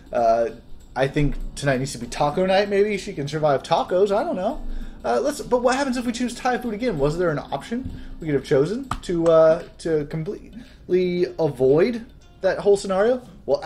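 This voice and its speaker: A man's voice: high-pitched, darkish tone. A man hosting a casual let's-play, chatting and lightly joking while reading game text aloud. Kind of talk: casual gameplay commentary.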